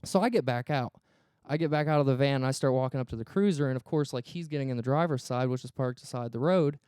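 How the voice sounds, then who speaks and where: A man's voice: medium pitch, fast, darkish tone, smooth, dry recording, studio quality. A man co-hosting a podcast, telling a story in a casual, profane way and acting out the quoted dialogue. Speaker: podcast co-host.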